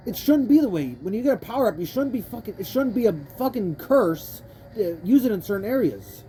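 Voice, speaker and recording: This is let's play commentary from a young woman playing a racing game, her warm mid-range voice lively in intonation and a little fast. She rambles in frustration, cursing heavily and interrupting herself mid-sentence, with faint game music in the background.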